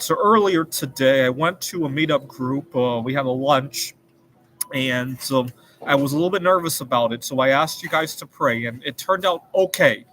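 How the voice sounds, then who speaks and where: A man's voice: mid-range voice, fairly bright tone, slight background noise, rough recording. A man hosting his own show, telling a personal story in a rambling, earnest casual monologue. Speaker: show host.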